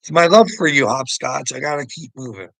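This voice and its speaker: A man's voice: medium pitch, fairly quick, vocal fry, fairly bright tone, no echo. A man ranting at the camera in a taunting, profane way, laughing often between lines. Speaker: vlogger. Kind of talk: mocking rant to the camera.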